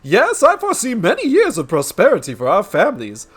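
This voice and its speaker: A man's voice: very high voice, huge pitch swings, measured pace, fairly bright tone, breathy edge, pitched above the performer's own voice, exaggerated voice. A man voicing a blustering, pompous wealthy older father. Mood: jovial.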